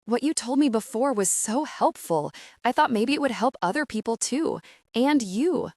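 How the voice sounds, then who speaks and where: A woman narrator voicing an earnest young woman friend with a gentle, coaxing way of talking. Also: fairly high pitch, expressive, normal speed, no room sound, studio quality, pitched above the performer's own voice.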